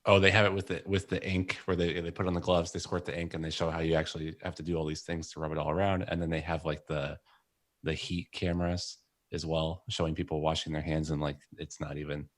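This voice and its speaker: A man's voice: a bass voice, flat delivery, fast talker. A man in a casual chat, chiming in with easy agreement and small observations. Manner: easygoing, chimes in with agreement.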